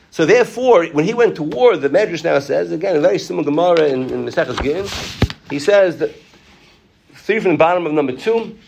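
A man teaching a Torah class, reading out Hebrew and Aramaic sources, restarting phrases and asking the class animated questions. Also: a little high. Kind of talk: Talmud class lecture.

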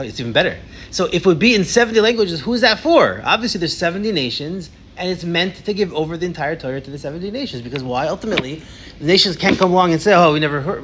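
A man leading a casual Torah discussion, telling stories in an animated way with many restarts. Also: fairly high pitch, a little hiss or hum.

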